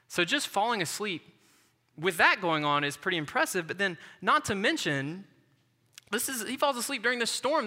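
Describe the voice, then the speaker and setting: Male pastor, earnest conversational sermon, fairly high, very sharp bright voice, echoey hall. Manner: earnest, conversational preaching with personal stories. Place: church.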